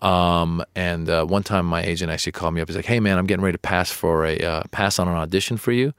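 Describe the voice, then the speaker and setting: A middle-aged man with a deep, low voice tells stories as a comedian guest, jumping up in pitch whenever he acts out his own replies. The sound is dry and close, with no room to speak of. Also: quick pace, smooth, no echo. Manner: animated storyteller, acts out his own protests in a higher voice. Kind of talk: storytelling interview chat.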